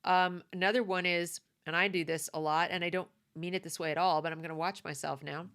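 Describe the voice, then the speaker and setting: Woman ranting her opinions on camera, lowish voice, leans hard on words, repeats herself. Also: fairly even intonation, brisk, a bit bright, clean tone. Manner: emphatic, conversational, repeats points. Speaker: commentator. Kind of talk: opinion commentary monologue.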